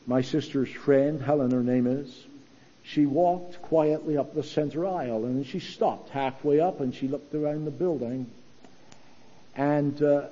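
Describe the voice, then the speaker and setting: A man's voice: mid-range voice, mellow. A man from England preaching an earnest sermon, repeating key phrases for weight. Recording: echoey hall, dull lo-fi sound.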